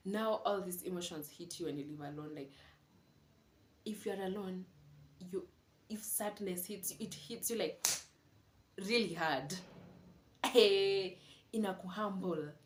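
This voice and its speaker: A woman's voice: medium pitch, measured pace, pauses often. A young woman, talking candidly and confidingly to camera in a casual vlog from her home. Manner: candid, confiding, mixes in Swahili words. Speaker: vlogger. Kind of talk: casual reflective monologue. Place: room at home. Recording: echoey room with faint ambient noise.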